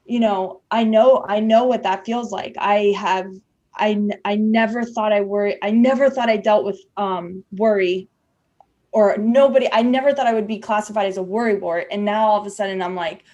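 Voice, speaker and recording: A woman's voice: mid-range voice, steady tone, normal speed, darkish tone, highs cut off. A woman hosting a podcast, talking candidly and chattily with many fillers and restarts. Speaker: podcast host. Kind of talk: candid conversational podcast talk.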